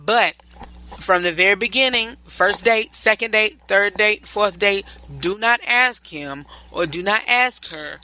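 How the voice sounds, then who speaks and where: A man's voice: high voice, measured pace, pushed and bright, low-quality recording. A male podcast host giving relationship advice in a rambling, repetitive and preachy solo talk.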